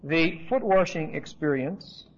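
A man's voice: on the high side, animated, unhurried, husky. A man teaching a Bible study in an emphatic, repetitive, conversational way. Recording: dull lo-fi recording.

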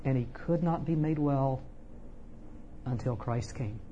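A preacher delivering an expository sermon, speaking emphatically with wide swings in pitch and loudness and repeating words for emphasis. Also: unhurried, muffled recording, background noise.

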